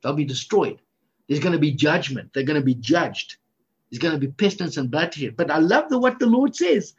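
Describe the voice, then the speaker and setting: A man preaching a fervent, excitable sermon. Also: on the high side, fairly quick, breathy edge, muffled recording.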